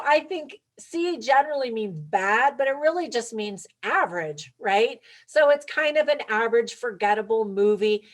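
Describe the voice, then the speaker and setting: A woman talking through a movie review for her viewers, chatty and upbeat, with light laughs. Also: on the high side. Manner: talks straight to viewers. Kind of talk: casual movie review vlog.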